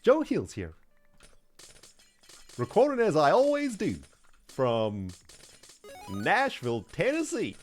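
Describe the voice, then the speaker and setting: A folksy Tennessee man, as a streamer puts him on, greeting folks in a high, loud Southern drawl. The voice jumps up well above his normal talk, lively and bright. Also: takes it slowly, pauses often, soft background music, heavily acted. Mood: cheery. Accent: Southern US, put on.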